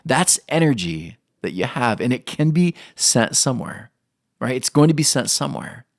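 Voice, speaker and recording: A man's voice: medium pitch, big pitch swings, normal speed, vocal fry, no room sound, studio quality. A young adult man preaching a sermon, earnest, putting questions to his listeners. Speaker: pastor.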